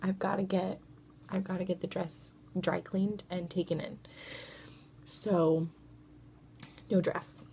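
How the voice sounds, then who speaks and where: A woman in her thirties chatting casually to camera as a mother vlogger, self-deprecating and at times dropping to a soft whisper. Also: on the low side, flat delivery, slow, vocal fry, pauses often, a little hiss or hum.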